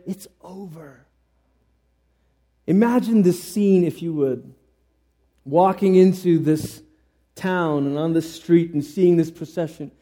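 A man preaching a conversational sermon in an earnest manner, often restarting his sentences and swinging suddenly between soft and emphatic. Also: high voice.

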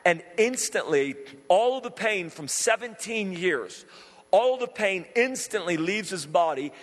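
A fervent man preaches a sermon in a somewhat high voice, pressing his points and circling back to repeat them. His words ring out through a large hall with a long, lingering reverb. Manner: fervent, emphatic, repeats phrases. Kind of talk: sermon with storytelling.

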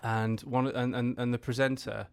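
A man's voice: mid-range voice, flat delivery, clean tone. Black country guy, comedian on a podcast, stops and restarts a lot, laughs easy. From Black Country, England. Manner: halting, many restarts and fillers, laughs easily. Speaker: comedian and storyteller guest. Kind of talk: casual podcast chat.

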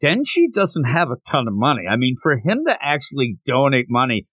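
A man hosting a podcast, chatting casually about a manga chapter and acting out the characters' lines in quick bursts. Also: mid-range voice, sing-song, a bit bright, husky, dry recording. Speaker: podcast host.

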